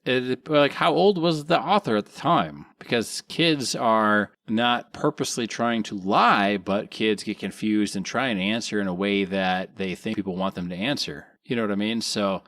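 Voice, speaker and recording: A man's voice: lowish voice, moderate pace, hardly any pauses, a bit bright, no room sound. A man from Wisconsin co-hosting a podcast, rambling in casual chat, swearing freely and giving blunt opinions. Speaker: podcast co-host.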